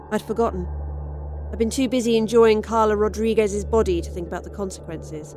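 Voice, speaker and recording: A woman narrates a first-person sci-fi horror story in a wry, dry manner. Her voice sits at a middling pitch and the telling is scripted and steady. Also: brisk, a little hiss or hum.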